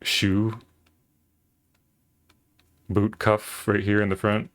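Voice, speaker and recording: A man's voice: lowish voice, monotone, extremely slow. A man streaming while he draws, chatting casually in a rambling, playful way with lots of fillers.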